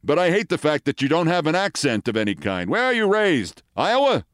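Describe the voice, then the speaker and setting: Man doing a sardonic older Brooklyn grump, gravelly, pitched up. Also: sing-song, a little fast, a bit bright, dry recording, studio quality. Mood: teasing.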